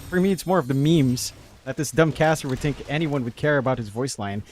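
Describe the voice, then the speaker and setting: A man's voice: medium pitch, brisk, a little mellow. A man commentating a live esports match, breaking down the game analytically and joking with his co-caster.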